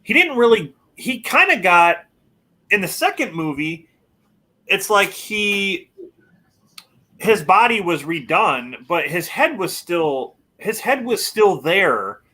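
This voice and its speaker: A man's voice: high voice, takes it slowly. A man co-hosting a casual movie chat, talking hesitantly with many restarts. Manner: hesitant, full of restarts, animated. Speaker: podcast co-host.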